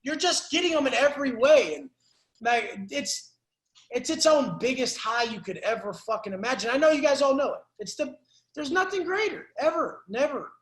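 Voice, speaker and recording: A man's voice: very high voice, animated, moderate pace, fairly bright tone, echoey room, low-quality recording. A man coaching a client on a call, ranting in an intense, profane, preachy motivational way. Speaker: life coach.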